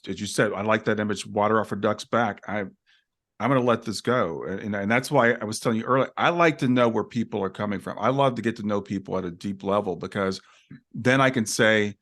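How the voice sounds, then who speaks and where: Low-voiced male interview host. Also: a little fast, fairly bright tone. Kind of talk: conversational interview.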